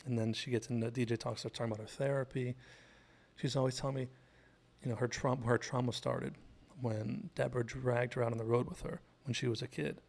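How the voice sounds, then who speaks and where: A man hosts a casual scene-by-scene breakdown of a TV episode, recapping the plot and drifting into asides. His middle-range voice has a steady gravelly fry. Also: medium pitch, brisk. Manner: chatty and digressive, retells scenes. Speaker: TV show analysis host.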